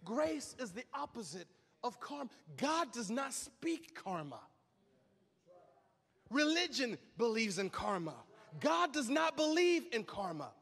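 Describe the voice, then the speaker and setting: High, shouting preacher man. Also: big pitch swings, a little slow, creaky, slightly rough. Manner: shouting, emphatic and repetitive. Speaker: pastor. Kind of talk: sermon. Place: large hall. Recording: reverberant hall.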